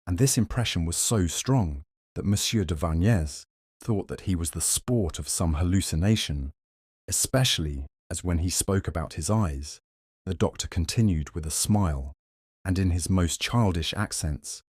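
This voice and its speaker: A man narrating a classic short story aloud in a measured, even storytelling manner. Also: low-pitched, slightly rough, dry recording, clean studio sound.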